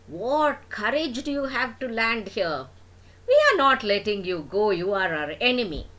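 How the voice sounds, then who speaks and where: A woman's voice: a little high, expressive, unhurried, bright, forceful tone. An older woman voicing a band of angry monkey soldiers who threaten a captured enemy. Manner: threatening, accusing.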